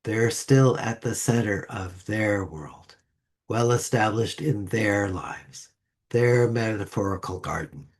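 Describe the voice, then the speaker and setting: A man delivering a sermon to a congregation with a slow, measured delivery and deliberate pauses. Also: on the low side, slightly rough. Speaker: lay speaker. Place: church sanctuary.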